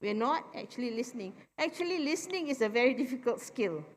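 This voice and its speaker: Speaking at a forum in a convention centre hall, this middle-aged Malaysian English woman explains things slowly and plainly, constantly asking "right?" to confirm the audience follows and agrees. Her voice is a little high with lively intonation, and long hall reverb fills the recording.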